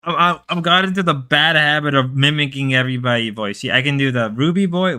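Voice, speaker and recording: Bright, jokey male streamer. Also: medium pitch, a little fast, few pauses. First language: Spanish. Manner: rambling, jokey, slips into mock voices. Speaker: livestream host. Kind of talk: casual stream chat with viewers.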